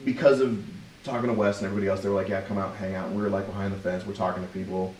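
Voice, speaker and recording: A man's voice: sits low, level tone, racing, darkish tone. A middle-aged man co-hosting a podcast, telling rambling stories in casual chat and swearing a lot. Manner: rambling storyteller, swears often. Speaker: podcast co-host. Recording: roomy, distant mic with faint hiss.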